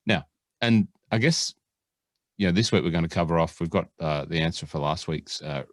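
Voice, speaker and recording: A man's voice: low-pitched, normal speed, dry recording. An Australian man hosting a podcast, chatting in a jokey, rambling way full of fillers. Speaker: podcast host. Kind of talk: casual podcast chat.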